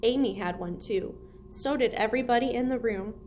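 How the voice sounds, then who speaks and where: Brief: higher-pitched woman, children's librarian, steady read-aloud narration, faint hiss. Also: moderate pace. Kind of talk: reading a middle-grade novel aloud.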